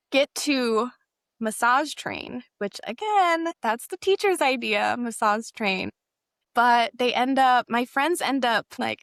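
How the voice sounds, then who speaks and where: A woman's voice: fairly high pitch, vocal fry, fairly bright tone, no room sound, studio quality. A young adult woman sharing a personal story in a candid, hesitant way, with frequent fillers and self-corrections.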